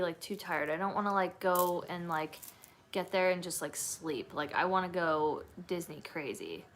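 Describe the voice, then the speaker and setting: A woman's voice: medium pitch, a bit bright. A young woman, hosting a casual livestream chat and reading viewer comments aloud with plenty of "like" and "um" fillers. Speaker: livestream host.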